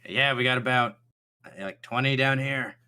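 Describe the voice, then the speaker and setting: A jumpy young pirate crewman and former street kid, as a man puts him on. His voice rises higher and brighter than a plain speaking voice. He stammers and drags out his words when he is unsure. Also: normal speed, smooth. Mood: excited. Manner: stammering, easily flustered.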